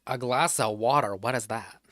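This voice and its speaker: A gaming streamer with a mid-range, slightly bright voice talks to himself at a moderate pace, recorded with no room sound. Working through crossword clues during casual solo play, he spells words out letter by letter, mutters, and now and then swears in mild frustration.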